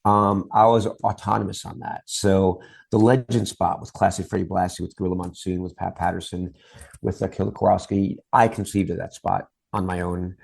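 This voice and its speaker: A man's voice: low-pitched, flat delivery, normal speed, vocal fry, darkish tone, slightly rough. A middle-aged man, a guest on an interview show, telling long stories about his work in TV promos in a casual chat style. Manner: long anecdotes, acts out quoted voices.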